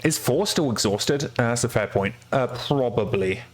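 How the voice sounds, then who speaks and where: A man's voice: mid-range voice, lively intonation, normal speed, soft background music. A man streaming a video game, chatting casually, swearing freely and laughing at his own mistakes. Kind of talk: casual let's-play commentary.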